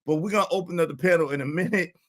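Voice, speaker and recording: A man hosting a live stream, giving emphatic, repetitive commentary and shouting out supporters. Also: a little high, rapid-fire.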